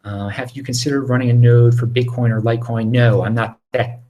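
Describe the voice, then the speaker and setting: A man hosting a casual live question-and-answer stream from his apartment, reading out viewer questions and answering them in a lowered voice with quick restarts. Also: narrow, tinny audio. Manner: animated, talks over himself with quick restarts; lowered, near-whispering voice.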